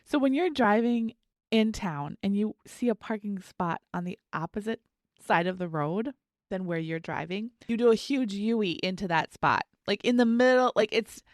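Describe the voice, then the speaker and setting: A woman's voice: medium pitch, moderate pace, no room sound, clean studio sound. A middle-aged woman, co-hosting a podcast in casual chat, telling anecdotes and laughing often. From Minnesota. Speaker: podcast co-host.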